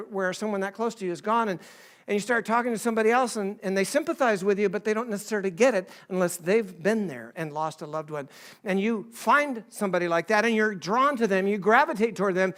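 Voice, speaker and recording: A middle-aged male pastor giving a conversational sermon, acting out quoted voices and swinging between soft and emphatic delivery. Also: high voice.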